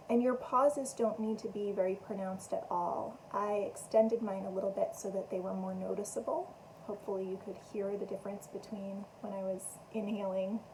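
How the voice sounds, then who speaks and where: A woman meditation teacher calmly guiding listeners through a breathing exercise with gentle, unhurried instructions. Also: medium pitch, slight background noise, rough recording.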